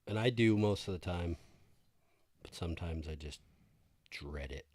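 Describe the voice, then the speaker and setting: A man's voice: sits low, unhurried, darkish tone, no echo. A man co-hosting a casual podcast, telling loose stories full of swearing. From Maine. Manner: swears freely, storytelling, laughs at own stories. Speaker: podcast co-host. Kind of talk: casual chat.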